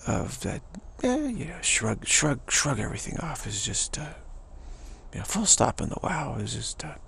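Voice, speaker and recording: A man giving a rambling, animated spiritual talk, slipping into different characters' voices as he goes. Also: medium pitch, normal speed, creaky, slight background noise. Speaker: spiritual teacher.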